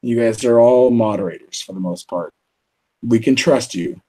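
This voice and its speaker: A man's voice: mid-range voice, normal speed, mellow, poor audio. A man co-hosting a casual livestream chat, easygoing and joking, sleepy and yawning from little sleep. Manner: easygoing, joking, laughs often. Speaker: co-host of a livestream show.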